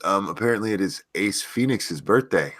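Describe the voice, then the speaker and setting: Stuffy low-voiced man hosting a stream. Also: lively intonation, normal speed, a bit bright, no room sound, clean studio sound. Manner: joking, profane, easily sidetracked. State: stuffy and unwell. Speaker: stream host. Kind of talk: casual live-stream chat.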